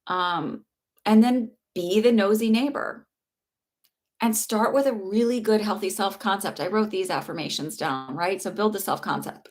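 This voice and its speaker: A woman's voice: medium pitch, moderate pace. A middle-aged woman talking casually on a live stream as a spiritual teacher, earnest and reassuring, rambling with fillers and restarts. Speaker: spiritual teacher and psychic reader.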